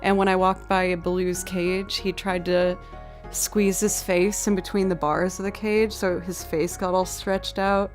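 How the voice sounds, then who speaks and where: A woman's voice: lowish voice, level tone, measured pace, faint music behind. A woman in her thirties chatting on her live stream as a musician, telling stories with frequent giggles. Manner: chatty storytelling, giggles often. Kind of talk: casual live-stream chat. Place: home desk setup.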